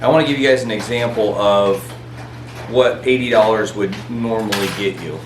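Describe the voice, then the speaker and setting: A man reviewing outdoor gear in casual chat, relaxed and laughing often, recorded outdoors at a campsite. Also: on the low side, moderate pace, echoey room, slight background noise, low-quality recording.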